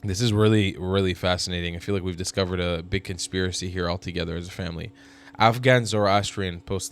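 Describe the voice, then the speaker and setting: A man hosting his channel, reacting to social media posts with animated, incredulous and mocking commentary. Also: deep voice, fast talker, clear, resonant tone.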